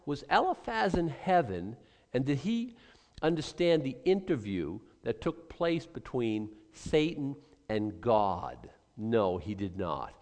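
A man's voice: medium pitch, huge pitch swings, measured pace. An older man preaching a sermon, emphatic, acting out quoted voices and restarting his sentences often. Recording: long reverb of a large hall.

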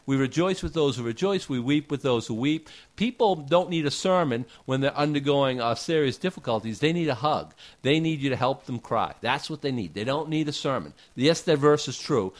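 A man preaching a casual sermon, talking conversationally with rhetorical questions and folksy asides. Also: mid-range voice.

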